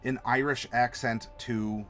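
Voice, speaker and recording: Animated man hosting a map-design stream. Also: medium pitch, unhurried, faint music behind. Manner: animated, playful, talks to chat. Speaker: host.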